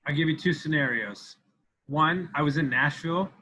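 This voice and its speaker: A man in his thirties appears as a podcast guest in candid interview talk, intense and profane, repeating himself for emphasis. His voice is on the high side with a sharp tone and breathy edge, at a moderate pace, on a rough recording.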